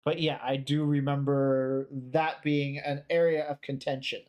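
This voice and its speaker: A man hosting a podcast, giving casual, rambling commentary with halting pauses. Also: medium pitch, level tone, darkish tone, clean tone, muffled recording. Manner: rambling, halting, with many fillers. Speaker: podcast host.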